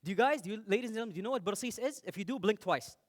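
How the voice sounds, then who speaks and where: A young man from the United Arab Emirates giving a playful, animated talk on stage and speaking straight to the audience. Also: high-pitched, rapid-fire. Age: young adult.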